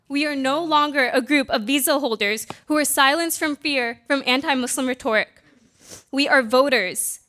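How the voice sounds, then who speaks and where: A young woman with a high voice speaks at a council chamber podium. She is impassioned and accusatory, and her pleading rises as she goes on. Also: fairly bright tone. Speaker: public commenter. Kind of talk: public comment speech.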